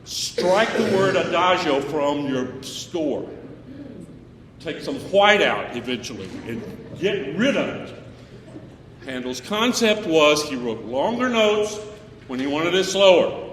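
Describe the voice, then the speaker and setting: Taking his time, a man leads choir practice with a fairly high, slightly bright voice and lively intonation. Jokey and particular, he demonstrates by singing brief phrases; the hall echoes, with faint choir music and a little background noise.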